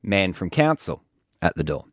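Deep-voiced Australian radio host. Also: male voice, moderate pace, no room sound, studio quality. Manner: animated storytelling with acted quotes. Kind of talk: casual radio chat. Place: radio studio.

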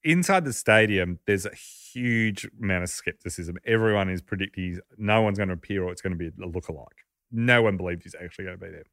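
A man's voice: low-pitched, fast talker, fairly bright tone, no echo, clean studio sound. A man hosting a podcast, telling a story in a casual, chuckling, conversational way.

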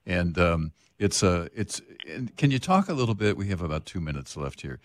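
An older man hosting a faith talk radio show, earnest, slowing down to stress his points. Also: deep voice, very animated, no echo. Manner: earnest, slows down for emphasis. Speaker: radio host. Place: radio studio.

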